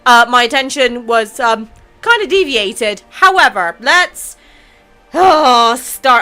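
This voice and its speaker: A woman in her twenties chatting casually on her vlog, reading viewer comments, emotional and quick to laugh, with casual swearing. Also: a little high, bright, forceful tone. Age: 20s. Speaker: YouTube channel host.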